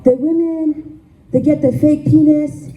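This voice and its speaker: A woman's voice: sits high, steady tone, measured pace, a crowd in the background, pitched above the performer's own voice. A woman doing a fired-up Haitian preacher man. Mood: preaching. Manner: loud, enthusiastic preaching. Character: fiery male Haitian visiting pastor preaching against gay people. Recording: echoey club from far off.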